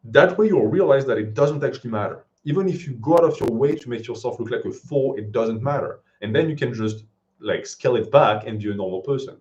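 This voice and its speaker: A man's voice: medium pitch, lively intonation, brisk, darkish tone. Blunt man with a French accent. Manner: blunt, offhand, answers questions in short bursts. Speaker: fitness channel host. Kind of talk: live-stream Q&A. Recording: dull lo-fi stream audio.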